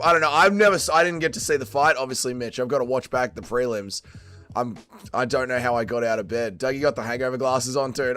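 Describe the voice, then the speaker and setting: A man's voice: mid-range voice, pushed and bright. An Australian man hosting a casual livestream, chatting and swearing with his viewers while still drunk and tired after a late night. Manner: swearing, laid-back banter with chat. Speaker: livestream host.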